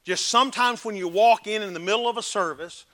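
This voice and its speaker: A man preaching a sermon, emphatic, swinging between loud exhortation and hushed earnest talk. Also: high voice, fairly quick.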